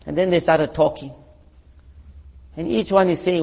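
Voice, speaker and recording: A man from South Africa preaches in a high, bright voice. He tells stories with acted voices and sound effects. The recording is dull and lo-fi. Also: a little fast. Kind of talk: sermon.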